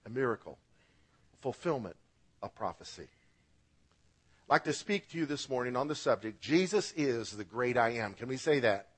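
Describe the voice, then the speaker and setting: A man's voice: mid-range voice, expressive, moderate pace, pauses often, fairly bright tone, slightly rough. A man preaching a radio sermon as pastor, with emphatic rises and drops, asking the congregation to repeat words after him.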